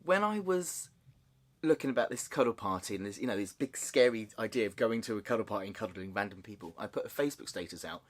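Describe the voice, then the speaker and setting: A man sharing a personal story in a candid, halting way, with nervous laughs and frequent restarts. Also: fairly low pitch, lively intonation. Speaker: vlogger. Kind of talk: personal confessional vlog.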